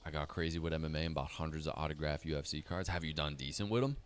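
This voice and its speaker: A young man with a very deep voice talks fast while hosting a casual livestream over soft background music. He chats in a laid-back, profane, slangy way, answering comments from the live chat.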